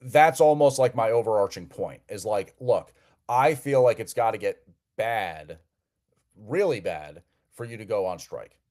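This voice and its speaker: A man from New Jersey hosts a live call-in show in an easygoing, conversational way. His voice sits a little low, and he often doubles words as he restarts his sentences. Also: lively intonation, a little slow, darkish tone. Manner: chatty, repeats words as he restarts. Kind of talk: casual live call-in chat.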